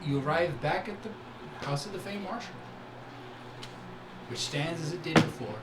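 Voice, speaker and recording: A man with a rather high, animated voice narrates as game master at a moderate pace, rambling and using plenty of "like" and "kind of." The recording comes from an echoey room with background noise.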